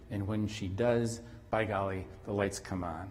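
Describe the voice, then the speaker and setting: A man's voice: fairly low pitch, steady tone, unhurried, a little mellow. A man giving a lecture at a conference, rambling with restarts and now and then imitating sounds. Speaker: conference speaker. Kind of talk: academic lecture. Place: conference hall. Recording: long reverb in a hall.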